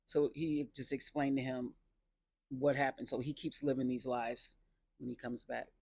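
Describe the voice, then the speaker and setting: A man casually recapping a TV episode, chatty and laughing often, with excited personal asides. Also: mid-range voice, normal speed, vocal fry, slightly rough, dry recording, clean studio sound.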